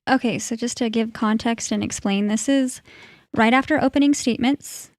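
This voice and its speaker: A woman's voice: fairly high pitch, moderate pace, dry recording, clean studio sound. A woman co-hosting a live stream, talking informally about a trial, with lots of "like". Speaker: co-host. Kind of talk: casual live-stream chat.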